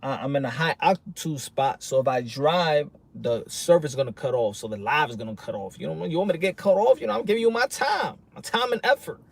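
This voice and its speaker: A New York City man livestreams from his car, rambling casually and animatedly straight to his viewers. His slightly high voice has vocal fry and moves fairly quickly with hardly any pauses, over loud car and street noise.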